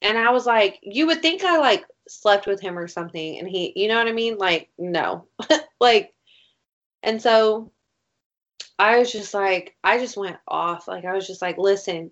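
A woman's voice: medium pitch, animated, a little slow, a bit bright. A young woman in casual chat, telling a story in a rambling way, full of "like" and swearing. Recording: dull lo-fi recording.

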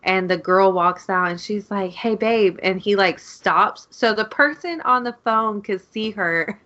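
A young woman chatting casually on a home podcast, her stories rambling and full of giggles and fillers. Her voice sits in an ordinary middle pitch. The recording sounds a little dull and muffled. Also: measured pace, pushed and bright. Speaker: podcast co-host. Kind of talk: casual chat.

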